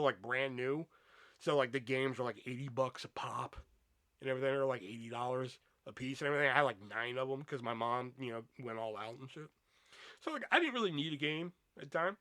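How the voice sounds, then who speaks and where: A man's voice: on the high side, bright, forceful tone, dry recording, clean studio sound. A young man hosting a podcast, telling a rambling, profane personal story in a casual way with lots of fillers. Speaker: podcast host.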